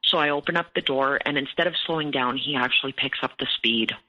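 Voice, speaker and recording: Bright-voiced woman retelling a hard story. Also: rumbling low, brisk, dull audio. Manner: tense, detailed retelling, often quoting others. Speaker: abuse survivor guest. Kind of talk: personal story in an interview.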